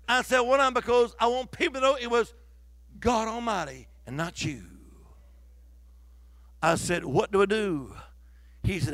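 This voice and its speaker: High, gravelly preacher man. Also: normal speed, no echo. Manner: dramatic storytelling, swings from loud declaring to hushed whispers. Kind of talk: sermon. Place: church.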